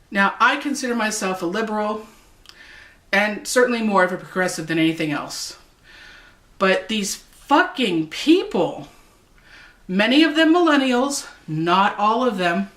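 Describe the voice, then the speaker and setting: A woman's voice: a little high, a bit bright. Profane ranting woman, roomy echo. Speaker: vlogger. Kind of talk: political rant vlog. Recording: echoey room.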